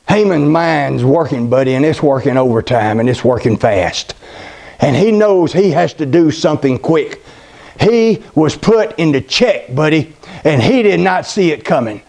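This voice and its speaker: A man's voice: high voice, a little mellow. A man preaching a sermon, retelling a scripture story in a folksy, dramatic way and calling his listeners buddy.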